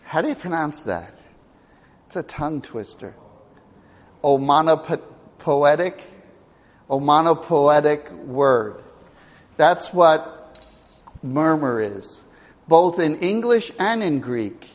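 A man's voice: fairly high pitch, animated, slow, pauses often, big-room sound. A man preaching a Bible-teaching sermon in a chatty, self-deprecating way, laughing often.

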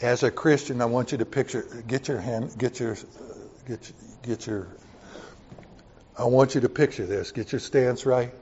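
A man preaching a sermon to his congregation in a folksy way, swinging from loud emphatic points to quiet offhand asides. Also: medium pitch, moderate pace, lo-fi sound, slight background noise. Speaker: pastor.

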